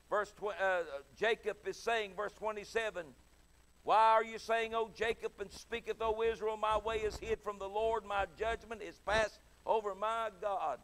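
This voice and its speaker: In an impassioned evening sermon, a middle-aged man with a high, steady voice speaks at a normal speed, going quiet and then building loud as he acts out pleading voices.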